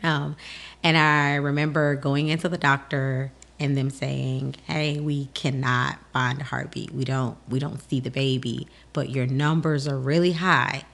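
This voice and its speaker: Low gravelly woman telling a personal story. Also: a little slow. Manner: animated, acts out the voices of people in her story. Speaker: podcast host.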